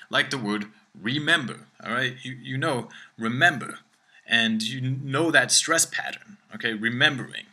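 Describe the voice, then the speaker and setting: Bright-voiced man teaching pronunciation. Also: medium pitch. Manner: says "all right?" constantly, demonstrates words slowly. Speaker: language teacher. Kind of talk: language lesson monologue.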